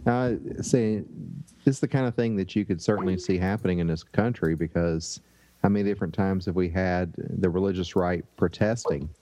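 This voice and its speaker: A man's voice: deep voice, moderate pace, warm tone. A man from the southern US on a comedy podcast panel, talking hesitantly with hedges and fillers over call audio. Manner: hesitant, hedging, many fillers.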